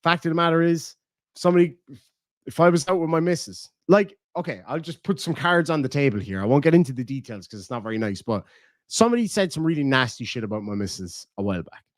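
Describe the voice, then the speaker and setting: A man's voice: fairly high pitch, animated, quick pace, no echo, clean studio sound. A man with a southern Irish accent chatting casually on a livestream, blunt and profane. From Ireland. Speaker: streamer.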